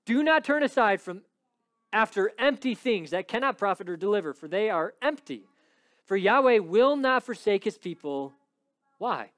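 A man preaching a sermon and reading scripture aloud. He rises high when he stresses a point, then drops low and quiet. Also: animated, moderate pace, no echo, clean studio sound.

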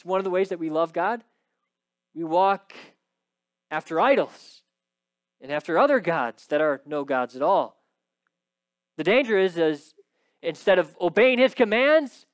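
A man preaching a sermon, emphatic and steady, often tagging points with a quick "right?". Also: high-pitched, no room sound. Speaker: pastor.

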